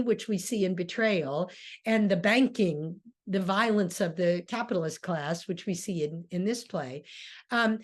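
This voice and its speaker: A woman lecturer and theater director giving a class on plays, talking with frequent ums and restarts. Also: medium pitch. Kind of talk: lecture on drama, reading play excerpts aloud.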